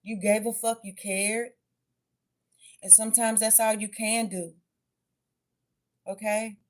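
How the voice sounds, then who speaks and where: A woman's voice: mid-range voice, little pitch movement, slow. A woman giving a casual tarot and oracle card reading to her viewers, chatty and blunt, swearing freely and calling them babies and y'all.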